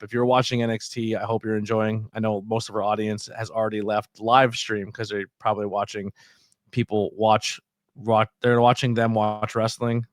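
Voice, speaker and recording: A man co-hosting a casual wrestling podcast over a video call, talking in a relaxed, rambling way with lots of fillers and quick laughs. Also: fairly low pitch, dry recording, studio quality. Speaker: podcast co-host.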